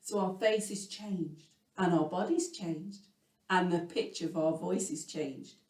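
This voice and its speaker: An English woman leading a children's music lesson, animated and sing-song, swinging between loud words and whispers. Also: fairly low pitch, slow pace. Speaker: music teacher. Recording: echoey room, voice from a distance.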